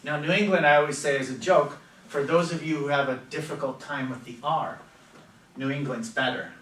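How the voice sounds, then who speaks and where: A man's voice: a little high, fairly quick, fairly bright tone. A man with an American accent teaching a classroom lecture, chatty and stopping often to ask his students questions. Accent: General American. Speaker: language teacher. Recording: echoey classroom from far off.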